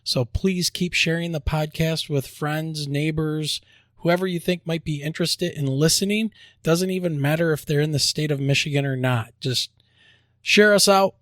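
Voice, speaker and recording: A man hosting a podcast, joking around and spelling out web addresses slowly. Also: a little high, fairly bright tone, no room sound, clean studio sound. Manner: upbeat, jokey promo delivery, spells out web addresses slowly. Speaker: podcast host. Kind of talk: casual podcast chat and announcements.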